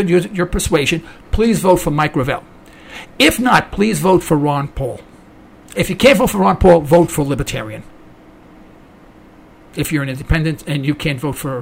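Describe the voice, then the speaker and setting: High gravelly raspy-voiced ranting radio host. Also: male voice. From United States. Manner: indignant, ranting, mocking quoted voices. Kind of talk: opinionated political talk radio monologue.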